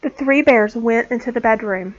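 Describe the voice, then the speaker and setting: A woman teacher reading a storybook aloud to small children, clear and expressive. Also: a little high, normal speed. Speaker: pre-K teacher. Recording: dull lo-fi sound.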